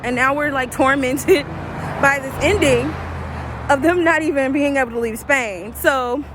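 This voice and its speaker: Woman vlogger, casual recap, fairly high voice, big emotional swings, traffic audible. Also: a little slow. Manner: animated and emotional, swings from shrieks to murmurs. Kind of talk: casual chatty episode recap. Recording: steady background traffic noise.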